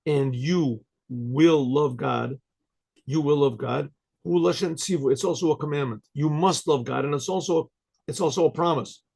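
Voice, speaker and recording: An older male rabbi teaches Torah in a gravelly, husky voice pitched a little high. He moves between Hebrew phrases and their English meaning, restarts often and keeps checking in with his listeners. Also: darkish tone. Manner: translates Hebrew phrases into English, many restarts and rhetorical "right?". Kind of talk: Torah lecture.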